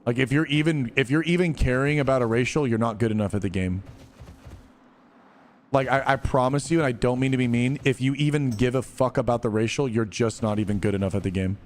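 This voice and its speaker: A man's voice: medium pitch, a little fast. A man streaming a game and chatting casually with viewers, laid-back, slangy and blunt. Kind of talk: casual live-stream chat.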